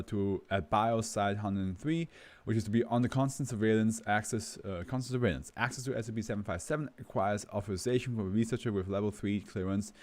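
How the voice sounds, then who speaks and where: A man with a lowish, slightly mellow voice hosts a live stream. He rambles casually, filling the gaps with fillers and laughs, and then reads a document aloud.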